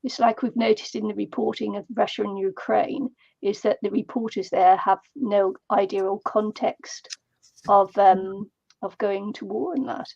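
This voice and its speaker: A middle-aged woman co-hosting a casual crafting chat, talking haltingly with many fillers. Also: medium pitch, fairly even intonation, vocal fry, a little mellow, dry recording. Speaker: co-host. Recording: dull lo-fi sound.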